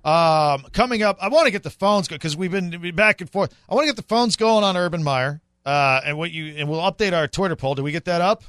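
A man runs a sports radio show with a bright, high-set voice that jumps around a lot. He teases his co-hosts playfully. The sound is dry and close. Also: brisk, hardly any pauses, clean tone, no room sound. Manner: playful, teasing, animated. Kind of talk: casual sports radio banter. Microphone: studio microphone.

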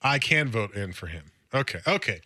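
Excitable radio co-host with lively pitch. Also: male voice, moderate pace, dry recording, clean studio sound. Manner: excitable, laughs often. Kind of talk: casual sports radio banter. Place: radio studio. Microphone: studio mic.

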